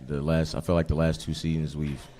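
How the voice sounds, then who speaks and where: A young man, a high school football player, answering interview questions hesitantly. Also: little pitch movement, a little fast, dark tone. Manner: hesitant, repeats himself. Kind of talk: casual interview.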